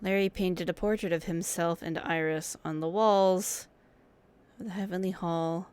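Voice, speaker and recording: A woman's voice: fairly low pitch, fairly even intonation, unhurried, darkish tone, clean tone. A woman streamer casually commenting on a game, chatty and playful.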